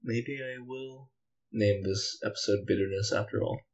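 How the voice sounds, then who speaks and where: Man, podcast host, low voice, bitter, angry venting, sighs, rambling, dull lo-fi sound. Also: normal speed, darkish tone. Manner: rambling, with many fillers and profanity. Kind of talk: solo podcast monologue.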